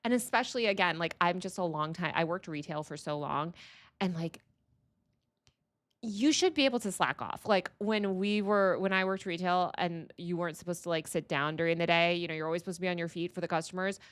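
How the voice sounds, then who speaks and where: A woman's voice: lowish voice, a little fast. Fired-up woman ranting on a livestream. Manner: heated, exasperated, repeats phrases for emphasis. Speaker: livestream host.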